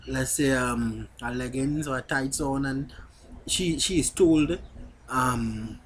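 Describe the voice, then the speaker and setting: A man speaking frankly to his camera in a mid-pitched voice. He talks plainly and directly to his viewers, with a faint hiss of noise underneath. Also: takes it slowly. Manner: blunt, candid, addresses viewers directly. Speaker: vlogger. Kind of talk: casual talk to camera.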